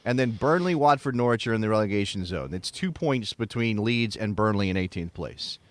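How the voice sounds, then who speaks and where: Casting: male soccer podcast co-host, animated and talky, medium pitch, dry close-mic sound. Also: dry recording. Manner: animated, quick restarts, jumps up in pitch when reacting. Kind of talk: casual sports debate.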